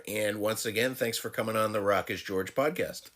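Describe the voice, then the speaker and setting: A male podcast host closes out the interview with thanks and a quick plug for the records. His voice sits low, with a bright, forceful edge. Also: steady tone. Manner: upbeat, promotional sign-off. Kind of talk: interview wrap-up.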